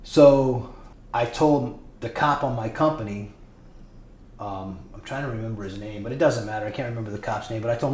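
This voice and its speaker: A man's voice: mid-range voice, a little fast, a little mellow. Blunt, profane man in an echoey room. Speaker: former prisoner telling his story. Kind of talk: casual podcast storytelling. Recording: echoey room with faint noise.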